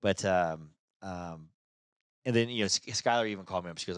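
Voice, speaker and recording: A man's voice: low voice, a little fast, clear, resonant tone, dry recording, studio quality. Nasal man chatting on a podcast. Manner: rambling, restarts his thoughts. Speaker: podcast co-host. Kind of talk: casual chat. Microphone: studio mic.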